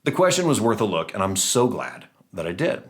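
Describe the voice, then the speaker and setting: A man hosting a gaming channel, giving chatty, self-mocking commentary on a battle with playful jumps in pitch. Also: very animated, fairly quick. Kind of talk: casual game commentary.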